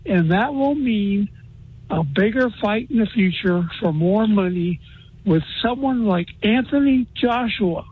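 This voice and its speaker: Caller guy, husky, talks real slow and steady. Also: high voice, phone-quality sound.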